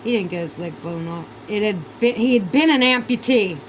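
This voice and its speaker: A woman's voice: mid-range voice, animated, moderate pace, a little hiss or hum, poor audio. A woman vlogger in a casual, heated monologue, swearing a lot and sounding sarcastic and incredulous. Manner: heated, profane, ranting.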